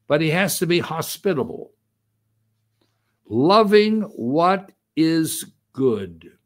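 An older man giving a conversational sermon as a minister, repeating phrases and using fillers. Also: on the high side. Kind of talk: sermon teaching.

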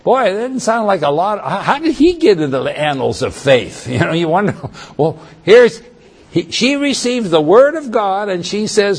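A man preaching a sermon, reading Bible verses aloud and commenting on them in a halting way with many restarts. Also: a little high, big pitch swings, husky.

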